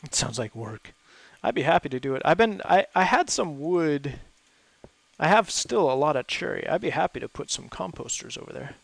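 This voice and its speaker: Gravelly-voiced man chatting while gaming. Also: a little high, big pitch swings, moderate pace, no echo. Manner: chatty and easygoing, laughs often; thinks aloud with fillers. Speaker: gaming host playing with friends. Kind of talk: casual chat while gaming.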